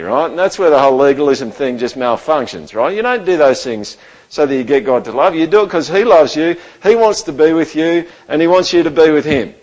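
A man's voice: on the high side, lively intonation, a little fast, darkish tone, lo-fi sound. A man preaching a sermon in a church, talking conversationally and often checking in with the room. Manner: conversational, keeps asking the room "right?". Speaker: pastor.

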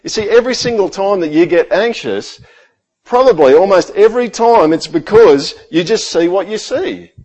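A middle-aged man preaching a sermon in a conversational way, full of rhetorical questions, sometimes dropping to a quiet, intense tone. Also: high voice, expressive, normal speed, low-quality recording. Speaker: pastor.

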